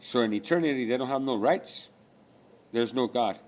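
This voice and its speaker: A man's voice: mid-range voice, normal speed. A man delivering a rambling spiritual rant, profane and preachy, full of rhetorical questions.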